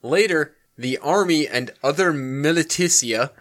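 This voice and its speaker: Bright-voiced man reading a story. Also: a little high, a little slow. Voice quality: swears freely, joking banter. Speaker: podcast host telling the story. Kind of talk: casual podcast chat, reading a story aloud.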